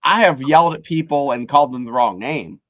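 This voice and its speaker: A man's voice: medium pitch, a little fast, fairly bright tone, dry recording. A man speaking as a guest in casual podcast chat, laid-back and self-deprecating.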